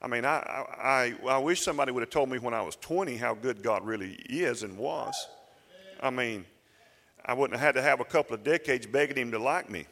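A man's voice: medium pitch, brisk, a bit bright. A man preaching a sermon as pastor, talking conversationally and building to emphatic declarations. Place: church sanctuary. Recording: reverberant church sanctuary.

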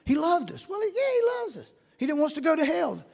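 A middle-aged man preaching a sermon with folksy storytelling, acting out shouting congregants as he goes. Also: extremely high pitch, wildly swooping pitch, quick pace, gravelly.

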